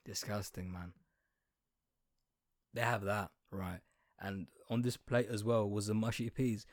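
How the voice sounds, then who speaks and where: A man's voice: fairly low pitch, little pitch movement, measured pace, dry recording. Swearing, ranting man with a dry close sound. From outside Britain. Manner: exaggerated, swearing, talks straight to the listener. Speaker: comedic commentator. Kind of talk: profane comedic rant.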